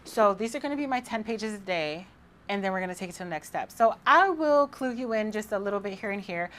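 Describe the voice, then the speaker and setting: A woman in her thirties talking casually to camera as a vlogger, excited and rambling, with frequent restarts. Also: medium pitch, fast, slight background noise.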